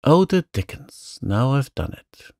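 A man's voice: mid-range voice, big pitch swings, unhurried, vocal fry, mellow, no room sound, studio quality, pitched above the performer's own voice. A man voicing a mischievous, charming young man in a storybook reading, playful and coaxing.

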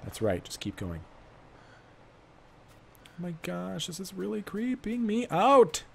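A man doing gameplay commentary, rambling through an improvised backstory and breaking into panicky outbursts and rapid repeated commands. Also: high voice, wildly swooping pitch, gravelly, fairly bright tone, slight background noise. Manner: playful self-talk, rambling asides. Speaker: let's play gamer.

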